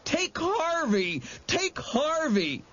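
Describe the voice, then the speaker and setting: A man reading an audiobook, voicing a terrified, sobbing chubby boy with a shrill, pleading cry. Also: sing-song, very slow, fairly bright tone, dull audio, a little hiss or hum, heavily acted.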